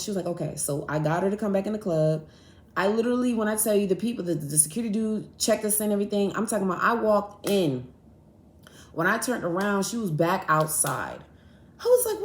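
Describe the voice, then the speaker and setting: A young woman hosting a podcast, telling a story in a casual, animated and profane way, acting out both sides of an argument. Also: mid-range voice. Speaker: podcast host. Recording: echoey room.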